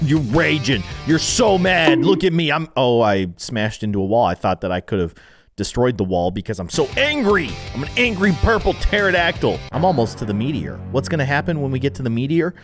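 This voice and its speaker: A young man giving playful let's-play commentary on a video game, swinging from loud excited outbursts to mumbled asides. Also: mid-range voice, fairly quick, faint music behind. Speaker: gaming YouTuber.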